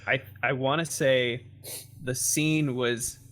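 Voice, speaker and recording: A man's voice: medium pitch, steady tone, takes it slowly, a bit bright. A man, a guest on a comedy podcast, telling a story in a loose, rambling, casual way. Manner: loose, rambling with fillers, laughs while talking.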